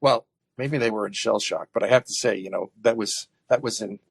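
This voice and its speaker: A man speaking earnestly in a conversational interview, often halting with fillers and restarts. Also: lowish voice, gravelly, husky, dry recording. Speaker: guest activist.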